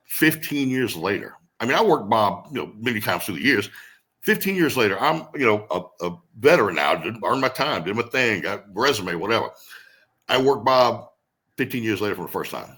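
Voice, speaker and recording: A middle-aged man, a veteran pro wrestler, telling stories in a casual interview, animated and profane, acting out the people he quotes. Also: lowish voice, a little fast.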